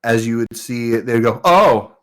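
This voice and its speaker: A man's voice: mid-range voice, takes it slowly. A man narrating a tabletop game as game master in a loose, rambling way. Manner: loose, rambling, filler-heavy.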